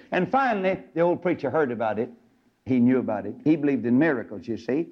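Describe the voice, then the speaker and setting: A man's voice: lively intonation, quick pace. Folksy man preaching a radio sermon. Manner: folksy storytelling, swinging from low murmurs to shouting peaks. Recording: dull lo-fi radio recording.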